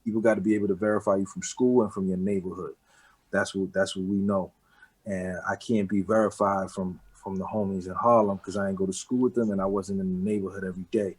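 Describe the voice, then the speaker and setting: A man in his thirties with a New York accent, talking casually and rambling a little in a relaxed interview, dropping street slang. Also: low voice, fast, slightly rough, rough recording. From the Bronx, New York. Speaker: rapper, interview guest.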